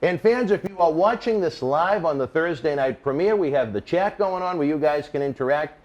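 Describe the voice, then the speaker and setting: Lively-voiced male wrestling interview host. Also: brisk, lo-fi sound. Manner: upbeat promo delivery, lively pitch. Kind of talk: casual interview chat with promos.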